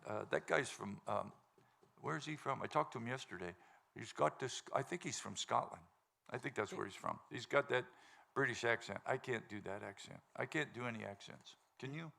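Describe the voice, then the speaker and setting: A man's voice: lowish voice, creaky, a bit bright. A man hosting a live music show, chatting and joking loosely with a laughing crowd from the stage. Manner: joking, rambling, laughs often. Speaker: show host and band singer. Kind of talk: casual stage banter before a live audience.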